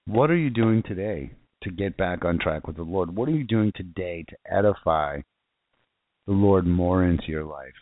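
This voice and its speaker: Fervent preacher on a phone line. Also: male voice, low-pitched, animated, moderate pace, no room sound. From South Florida. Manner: fervent, rambling, restarts a lot. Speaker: internet radio preacher. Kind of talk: informal sermon. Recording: tinny phone-line sound.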